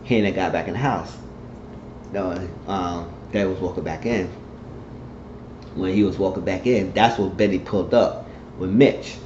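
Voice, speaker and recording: Pausing often, a TV show reviewer with a low voice recaps an episode at normal speed. He rambles casually through the plot and mimics the characters with varying voices. Slight background noise is audible in the dull, echoey room.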